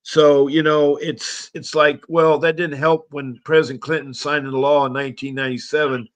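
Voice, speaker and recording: Hosting a call-in show on a live stream, a man rambles in a friendly, casual way, full of filler words. His slightly scratchy voice sits on the high side, with a flat delivery and a moderate pace.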